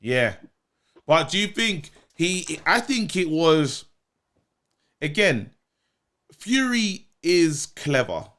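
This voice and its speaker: A man, co-hosting a podcast in animated, slangy casual chat. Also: a little high, takes it slowly, pauses often. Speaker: podcast co-host.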